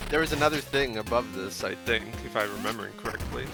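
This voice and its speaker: A man's voice: mid-range voice, gravelly, over music, rough recording. A man chatting casually, telling a friend where to go and how the game works. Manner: quick, helpful, explaining. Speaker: co-player giving directions. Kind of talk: casual gameplay chat.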